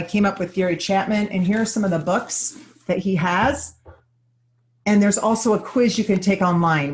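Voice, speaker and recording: A woman giving a live workshop talk to an audience, earnest and openly personal, explaining ideas with many everyday examples. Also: lowish voice. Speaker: workshop presenter.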